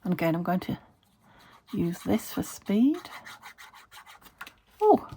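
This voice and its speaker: British woman, slightly low voice, gravelly, thinking aloud, noisy home room with traffic noise. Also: very animated, slow pace, mellow. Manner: chatty, thinks aloud, self-talking with little laughs. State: recovering from a fever. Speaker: craft vlogger. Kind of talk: casual crafting chat. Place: home craft desk, window open. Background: traffic through an open window.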